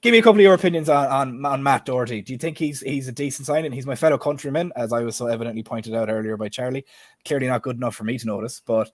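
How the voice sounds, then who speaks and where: A man's voice: mid-range voice, very fast, no echo. A man in his twenties with an Irish accent, hosting a casual football chat stream and putting questions to his guests in a chatty, self-deprecating way. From Ireland. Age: 20s. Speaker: stream host.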